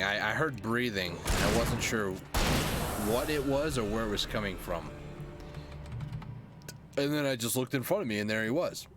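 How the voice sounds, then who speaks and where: A young man chatting casually to viewers as he streams a horror game, joking asides. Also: lowish voice. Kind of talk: casual gameplay commentary.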